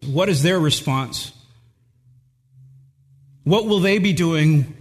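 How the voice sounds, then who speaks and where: A man's voice: on the high side, slow, pauses often, husky, in a large hall. A male pastor preaching an earnest, emphatic sermon and repeating words for stress.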